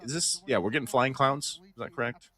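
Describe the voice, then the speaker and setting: Male esports host, mid pitch, upbeat and chatty play-by-play, quick to laugh. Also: bright, forceful tone. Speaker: esports caster. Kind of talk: live esports commentary.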